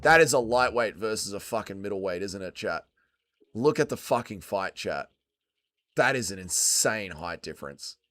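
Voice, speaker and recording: A man's voice: fairly low pitch, lively intonation, normal speed, fairly bright tone. Aussie guy on a watch-along stream, swears heaps, chats with viewers, voice all over the place. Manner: crude, swears a lot, banters with chat. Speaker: livestream host. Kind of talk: casual fight watch-along commentary.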